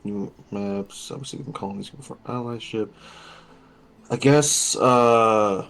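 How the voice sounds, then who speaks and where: A man's voice: on the low side, measured pace, fairly bright tone, slight background noise. A man playing a tabletop role-playing game, talking casually and laughing easily. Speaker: player.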